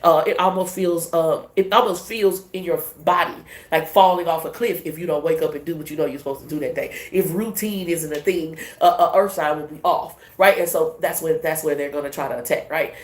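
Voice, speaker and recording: A woman giving a casual tarot reading in a brash, profane, animated way. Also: low voice, brisk, few pauses, roomy sound. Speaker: tarot reader.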